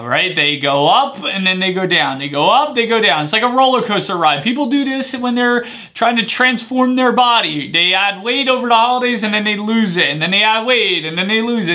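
A man in his thirties, a life coach giving a motivational talk to camera, energetic and checking in with "right?" often. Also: high-pitched. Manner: energetic, punctuates points with "right?".

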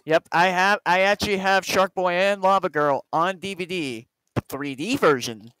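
A man's voice: sits high, normal speed, fairly bright tone, slight background noise, poor audio. Chatty man on a friends' call. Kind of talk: casual voice chat with friends.

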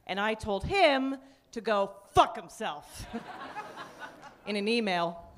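A woman from Canada performing a stand-up comedy set on a club stage, dry and deadpan, with sudden high-pitched bursts. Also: takes it slowly, pauses often, a little hiss or hum. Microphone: handheld stage mic. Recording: live club recording with audience laughter. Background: audience laughter.

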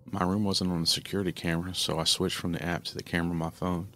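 A man narrating a first-person horror story in a steady, earnest storytelling manner. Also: deep voice, fast talker, slight background noise.

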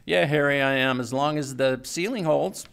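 A man reading a story aloud, voicing a high-strung, excitable male bush pilot in a raised voice. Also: moderate pace, creaky, clean tone. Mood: eager.

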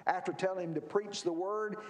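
A man's voice: sits high, steady tone, a little fast, reverberant. A man teaching a church Bible class, emphatic, asking questions and answering them himself. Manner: emphatic, asks and answers his own questions.

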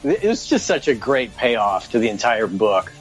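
A man in his thirties co-hosting a podcast, a father who reflects on a book thoughtfully and haltingly. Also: mid-range voice, sing-song, faint music behind, low-quality recording. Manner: thoughtful, halting, many fillers. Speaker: podcast co-host. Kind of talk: casual book discussion.

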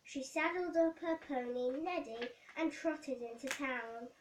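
A woman reading a children's bedtime story aloud in a gentle, careful way. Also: high-pitched, unhurried, distant mic, background noise. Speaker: storybook reader. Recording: roomy echo.

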